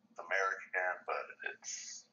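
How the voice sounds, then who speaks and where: A man co-hosting a live stream, explaining things in a relaxed, matter-of-fact way. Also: deep voice, unhurried, recorded from a distance. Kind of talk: casual chat. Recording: muffled roomy stream audio.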